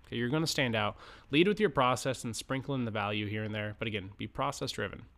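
A man talks through sales advice for financial advisors like he's chatting with colleagues. His voice sits in a middle pitch, and he keeps it casual, breaking off now and then to act out lines he'd say to a client. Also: fast, a bit bright. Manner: conversational, many fillers and restarts, acts out sample client lines. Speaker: podcast host coaching financial advisors. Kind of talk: casual instructional podcast talk.

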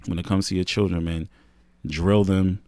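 A man's voice: low-pitched, fairly even intonation, normal speed, darkish tone, no echo. A man co-hosting a podcast, giving earnest advice in a casual chat, often repeating himself and saying "man" and "you know what I mean". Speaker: podcast co-host.

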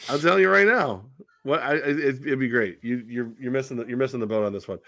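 A man's voice: medium pitch, fast, bright, forceful tone, no room sound, studio quality. A man hosting a casual football podcast, teasing his co-host and rambling with lots of "uh" and "like". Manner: teasing, rambling with many fillers. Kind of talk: casual sports podcast banter.

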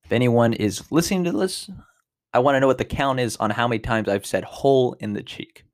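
Animated young man telling a story. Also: brisk. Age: 20s. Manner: animated, exaggerated storytelling with big swings in pitch and loudness. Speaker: podcast host. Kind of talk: casual storytelling monologue.

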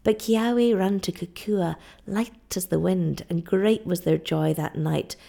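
A woman reads a classic story aloud in a measured, steady storytelling style. Her voice is low and gravelly, with a mellow, dark warmth. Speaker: narrator. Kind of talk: audiobook narration.

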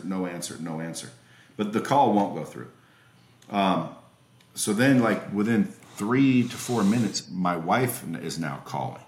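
An emphatic man in his forties tells a story as a podcast guest, joining by remote call from his home. His voice sits low and has a roomy echo around it. He swears freely and keeps restarting his sentences. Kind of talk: casual storytelling. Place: at home with children nearby.

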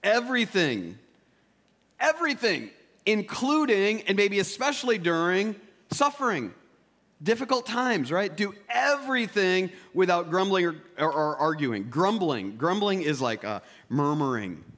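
A man preaching a sermon as pastor, swinging between loud emphatic peaks and quiet, intimate asides. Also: high-pitched, expressive, a little slow.

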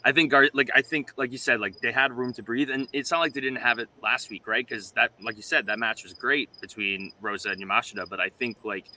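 Casting: sharp-toned male cohost, loose and rambling, faint hiss and crickets behind. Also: mid-range voice, fairly even intonation, a little fast, hardly any pauses. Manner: rambling, many fillers and restarts. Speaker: podcast cohost. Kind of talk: casual chat.

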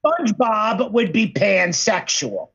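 High, husky-voiced man rambling on a podcast. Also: big pitch swings, fairly bright tone, lo-fi sound. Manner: rambling, profane, mimics voices in quick bursts. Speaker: podcast co-host. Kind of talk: casual podcast chat.

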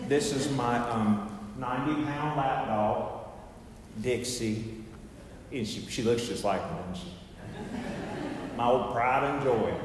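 A man's voice: medium pitch, takes it slowly, pauses often, a little hiss or hum. A man preaching a sermon as pastor, in a folksy, joking, conversational manner. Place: church sanctuary. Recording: very echoey hall with long reverb.

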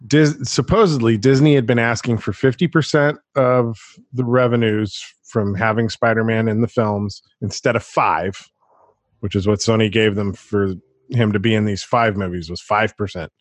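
A man's voice: on the low side, normal speed, no echo. Chatty man hosting a podcast chat. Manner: animated, chatty, laughs often. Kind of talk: casual chat.

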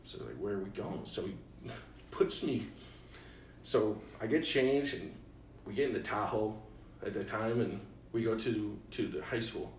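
A man's voice: lowish voice, normal speed, recorded from a distance, a little hiss or hum. A young man from Illinois hosting a podcast, telling a long personal story in casual chat, acting out the quotes and laughing often. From Illinois, USA. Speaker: podcast host. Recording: roomy, from off-mic.

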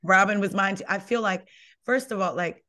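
A young woman hosts a casual podcast chat about reality TV. She talks in an animated, emphatic way and fills her sentences with "like.". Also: medium pitch, normal speed. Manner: animated, emphatic, says "like" a lot. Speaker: podcast host. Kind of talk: casual pop-culture gossip chat.

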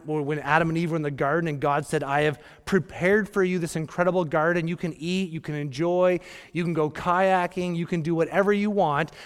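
A man in his thirties, a pastor preaching a sermon with a slightly higher voice, joking and animated, dropping to hushed asides and then rising to emphatic bursts. His voice carries a long reverb from a church hall. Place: church sanctuary.

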